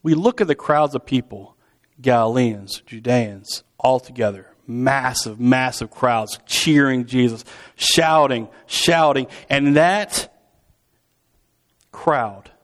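A pastor delivers a sermon in a mid-range voice at a slow pace. He preaches conversationally, like he's telling a story, and acts out quotes with vivid voices.

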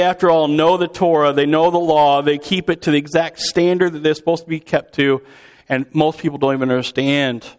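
A man preaching in a conversational, storytelling way, acting out quotes with vivid voices. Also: a little high. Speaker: pastor. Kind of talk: sermon.

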